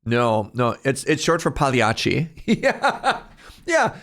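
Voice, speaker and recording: A man's voice: medium pitch, unhurried, fairly bright tone. A man streaming live, chatting casually with his viewers in a jokey, talkative way and laughing often.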